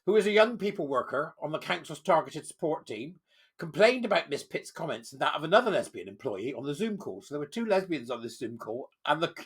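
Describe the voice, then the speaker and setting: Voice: mid-range voice, sing-song, a little fast, slightly rough. A vlogger mocking a news story, reading out quotes, scornful and laughing often. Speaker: commentary vlogger.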